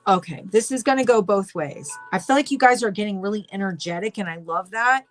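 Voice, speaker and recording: A woman giving a casual spoken tarot reading, excitable and rambling with many restarts. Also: medium pitch, fairly quick, soft background music. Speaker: tarot reader.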